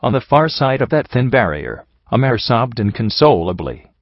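A man's voice: mid-range voice, big pitch swings, moderate pace, dry recording, highs cut off. A man narrating a fan fiction audiobook, giving every character in his own voice with small shifts.

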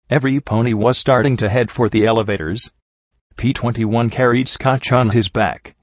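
Low-voiced man reading a story. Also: no echo. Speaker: audiobook narrator. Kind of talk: first-person story reading. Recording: dull lo-fi, dry.

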